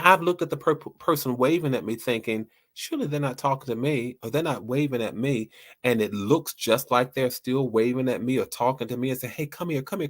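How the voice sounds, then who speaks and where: A man's voice: medium pitch, a bit bright. A man hosting a talk show, speaking lightheartedly to his listeners and often restarting and repeating words as he rambles. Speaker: host.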